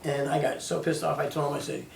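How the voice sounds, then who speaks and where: A man in his fifties telling his own story as personal testimony, halting and sporadic, with many restarts. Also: a little high, fairly even intonation, gravelly, a little mellow, slight background noise. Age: 50s. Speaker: storyteller recounting his own near-death experience. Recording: echoey room, voice heard from a distance.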